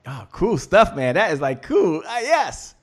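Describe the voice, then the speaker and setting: A man hosting an interview show, talking casually and excitably, cheering on his guest. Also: high-pitched, measured pace. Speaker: show host.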